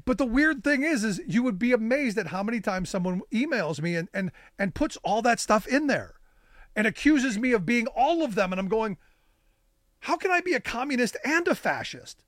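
A man co-hosting a political talk chat, sarcastic and animated, often repeating words as he starts a thought. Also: high-pitched, moderate pace, no room sound, clean studio sound. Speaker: podcast co-host.

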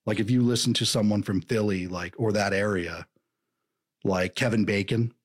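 A man's voice: on the low side, normal speed. A man co-hosting a podcast, chatting casually and animatedly, sometimes slipping into joking voices. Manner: animated, slips into mock voices. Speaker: podcast co-host. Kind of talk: casual chat.

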